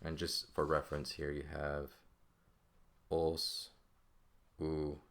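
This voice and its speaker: A man's voice: extremely low pitch, completely flat delivery, slow, fairly bright tone. A man teaching a classical Greek grammar lesson, explaining step by step and often checking in with "right?". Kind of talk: classroom lecture.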